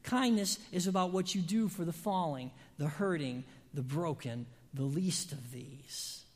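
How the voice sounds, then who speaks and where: A preacher gives a sermon in a church sanctuary, and the voice trails off into a long hall reverb. The delivery is emphatic, full of dramatic pauses, and swings from loud passages to hushed, near-whispered lines. The pitch sits in an ordinary middle range.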